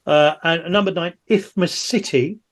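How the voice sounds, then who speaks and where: A man acting as quiz master on a video call, reading out answers briskly with jokey asides. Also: fairly high pitch, fairly bright tone.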